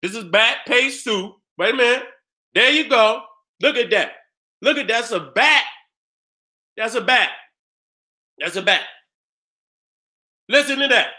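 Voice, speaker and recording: A man's voice: very high-pitched, animated, unhurried, long pauses, bright, forceful tone. A man giving a casual, profane, ranting commentary as he reacts to pictures on a screen, repeating himself for emphasis. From Detroit area. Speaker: online commentator.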